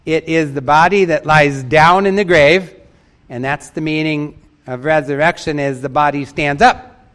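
A man's voice: a little high, fairly even intonation, measured pace, fairly bright tone. A man preaching a sermon in an emphatic way, repeating key phrases for stress and reading out a story.

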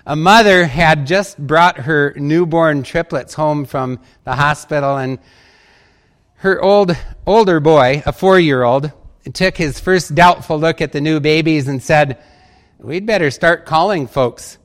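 A pastor preaching a sermon, telling light, humorous stories in an easy storytelling manner. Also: male voice, fairly high pitch, unhurried.

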